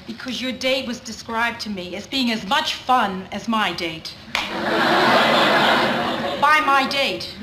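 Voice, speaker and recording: A woman's voice: fairly high pitch, lively intonation, slow, pauses often, full character voice. An actress playing a wisecracking young woman who jokes at her own expense, in a sitcom. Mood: wry. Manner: wry joking, self-deprecating. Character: wisecracking young woman, a self-mocking friend. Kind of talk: sitcom acting. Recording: echoey studio with loud noise.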